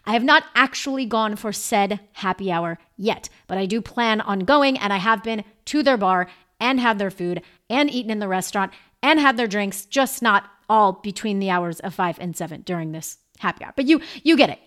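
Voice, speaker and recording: A woman's voice: medium pitch, lively intonation, moderate pace, a bit bright. A woman, hosting a podcast in a chatty, upbeat, playful way. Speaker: podcast host. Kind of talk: casual chat. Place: New York City.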